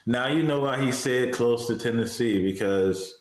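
A man's voice: mid-range voice, reverberant. A man joking and adding asides while he and a co-host review a TV show. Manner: lively, joking, drawn-out asides. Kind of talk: casual chat.

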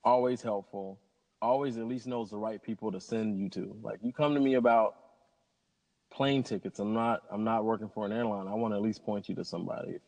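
A man's voice: on the low side, steady tone, brisk, vocal fry, a little mellow. A man, a pilot telling stories in a casual interview in an upbeat, rambling way. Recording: long hall reverb.

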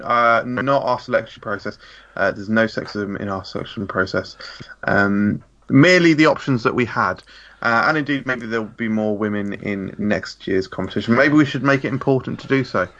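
A man co-hosting a podcast with deadpan, mock-serious asides. His bright voice comes through a dull, lo-fi mic. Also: mid-range voice, moderate pace. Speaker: podcast co-host. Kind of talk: casual podcast banter.

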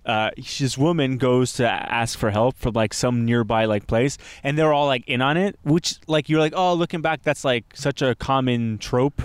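Rambling, animated podcast co-host man. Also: medium pitch, moderate pace, few pauses, smooth, no echo. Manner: rambling, animated storytelling with many fillers. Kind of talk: casual chat. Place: outdoors in a cemetery.

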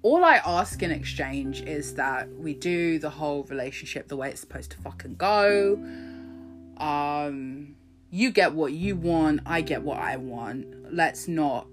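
A woman's voice: low-pitched, expressive, normal speed, over music. A young woman reading her own breakup poetry and ranting about it in a profane, self-mocking confessional chat. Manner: profane, ranting, laughing at herself. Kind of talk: confessional casual monologue.

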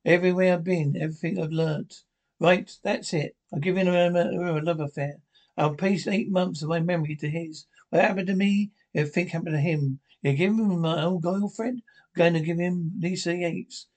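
A scruffy, easygoing spaceship crewman in a TV sitcom. His voice is a little high and his delivery is offhand and matter-of-fact. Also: steady tone, normal speed, a little mellow. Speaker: sitcom character. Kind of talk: broadcast sitcom acting.

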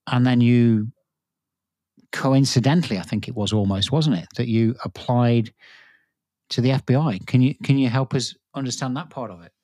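A man's voice: mid-range voice, a little mellow, no room sound. A man hosting an interview, asking long questions with restarts. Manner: rambling, searching questions with restarts. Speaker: podcast host.

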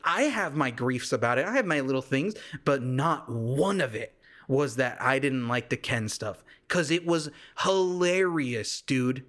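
A man's voice: medium pitch, animated, unhurried, fairly bright tone. A man voicing a laid-back young male surfer from California with a California surfer accent, drawling and calling everyone dude and bro. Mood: ranting. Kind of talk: comic impression on a podcast.

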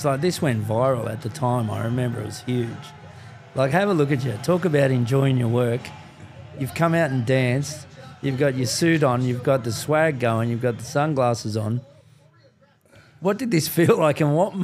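A man's voice: mid-range voice, lively intonation, normal speed, a little mellow, faint music behind. Upbeat male podcast host. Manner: encouraging, many "yeah" backchannels. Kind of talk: casual interview questions.

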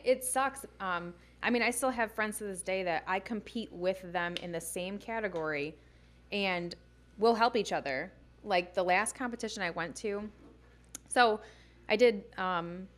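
A young woman chatting casually as a guest, telling animated stories full of "like" and acted-out quotes. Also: medium pitch, moderate pace. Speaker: guest, bikini fitness competitor. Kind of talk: casual storytelling chat.

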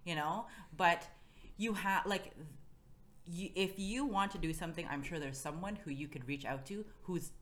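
A woman's voice: on the low side, normal speed, a bit bright. A woman talking earnestly as a podcast guest, giving motivational advice in a casual chat and often asking "you know what I mean".

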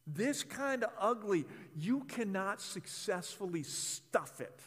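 A man's voice: high voice, very animated, takes it slowly, a bit bright, breathy edge, in a large hall. A man preaching a sermon in an impassioned, conversational way, often repeating words as he speaks. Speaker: pastor.

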